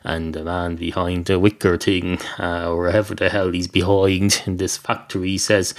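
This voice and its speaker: Deadpan rambling storyteller. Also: male voice, deep voice, a little slow, hardly any pauses. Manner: deadpan, digressive, many fillers. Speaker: podcast storyteller. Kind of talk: rambling improvised comic story.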